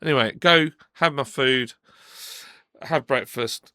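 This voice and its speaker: A man co-hosting a podcast, telling a personal story in casual chat, animated and acting out what people said, with frequent restarts. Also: mid-range voice, slow, dry recording, studio quality. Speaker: podcast co-host. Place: podcast studio.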